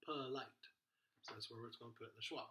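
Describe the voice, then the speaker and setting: A man's voice: medium pitch, level tone, rapid-fire, pushed and bright, reverberant, rough recording. A male teacher patiently walking children through a phonics lesson step by step.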